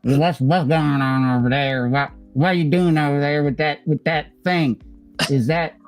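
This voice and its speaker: A man's voice: a little high, steady tone, moderate pace, soft background music, natural voice. A man voicing a baffled nobleman who puzzles over a farm tool, talking muffled and drawn out with many questions.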